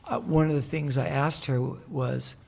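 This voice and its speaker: A man talking as a guest in a casual interview in a hotel room, telling a long story in a soft-spoken, meandering way with frequent restarts. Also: medium pitch, steady tone, normal speed, gravelly. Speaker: musician guest.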